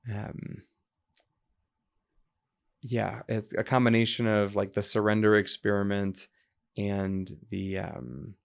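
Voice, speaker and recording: A man from the United States speaks as a podcast guest, with a low, gravelly voice. He talks reflectively and drifts into stories. He animates the people he quotes. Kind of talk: conversational interview.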